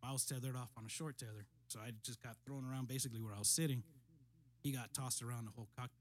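Middle-aged man, calm matter-of-fact storyteller. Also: mid-range voice, racing. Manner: steady, matter-of-fact, frequent throat clearing. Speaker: guest, military veteran. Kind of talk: casual storytelling.

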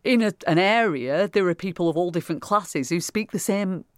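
A woman actor chatting in an interview, animated and talkative, with quick restarts and repeated words. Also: on the low side, dry recording, studio quality. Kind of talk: casual interview chat.

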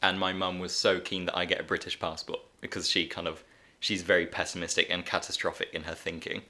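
Bright-voiced man telling an anecdote. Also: low-pitched, fairly quick. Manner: relaxed rambling anecdote. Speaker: podcast co-host. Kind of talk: casual chat.

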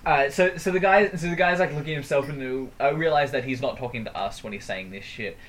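Rambling podcast host. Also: male voice, mid-range voice, a little fast, a bit bright. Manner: rambling, profane, laughing. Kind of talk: casual storytelling chat.

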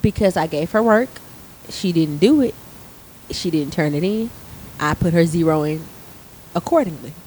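This low-voiced woman in her thirties, a theater arts teacher, talks at a normal speed but pauses often while animatedly telling a profanity-laced work story with acted-out quotes. It's casual podcast chat, captured on a low-quality recording with slight background noise.

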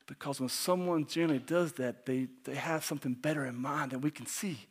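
A man preaching a sermon as pastor, animated, who keeps asking the congregation questions and sometimes drops to a hushed near-whisper. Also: medium pitch, fairly quick, hardly any pauses, slightly rough.

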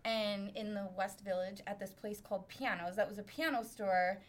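A woman's voice: medium pitch, normal speed. A middle-aged woman from Brooklyn telling a story in casual chat as a podcast guest, laughing often and poking fun at herself. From Brooklyn, New York. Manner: laughs often, animated and self-mocking.

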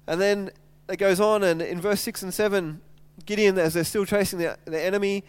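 A man's voice: sits high, normal speed, smooth, no room sound. A man preaching a sermon, retelling scripture in casual everyday language with lots of stumbles and repeated words. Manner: animated storytelling, retelling scripture in casual speech. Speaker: pastor.

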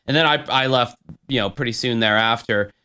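A man's voice: mid-range voice, fairly quick, pushed and bright, clean tone. A young man hosting a podcast, telling a crude story in a rambling way, with fillers and swearing. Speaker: podcast host. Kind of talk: casual storytelling.

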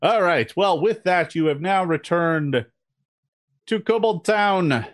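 A man runs a tabletop game as game master, describing scenes with plenty of ums and restarts. His pitch swings widely as he narrates. The recording is close and dry. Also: lively intonation, slow, dry recording.

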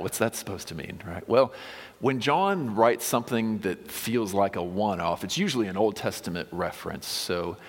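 A man preaching a conversational sermon, often dropping to a hushed whisper on key lines. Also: fairly low pitch. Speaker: pastor. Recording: long hall reverb.

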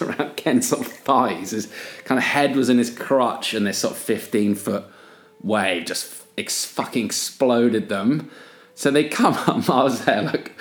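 Man, podcast host, loose chatty storytelling, laughs often, swears, roomy echoey sound. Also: mid-range voice. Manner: rambling, laughing, full of "like" and "kind of"; swears freely. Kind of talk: casual storytelling chat.

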